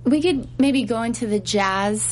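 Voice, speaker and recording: A woman singer being interviewed in casual chat, hesitant, pausing with fillers and laughing easily. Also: fairly high pitch, a little hiss or hum. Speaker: singer guest.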